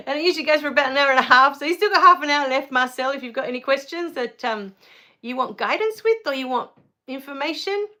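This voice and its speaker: A woman's voice: high-pitched, brisk. A middle-aged woman hosting a live stream, chatting casually as she reads viewer comments, easily moved to tears. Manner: relaxed with frequent fillers.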